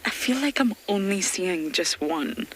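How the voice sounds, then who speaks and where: A woman giving live safari commentary from a vehicle outdoors, excited and emotional, sometimes dropping to a whisper. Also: mid-range voice, measured pace, slight background noise, poor audio. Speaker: safari guide presenter.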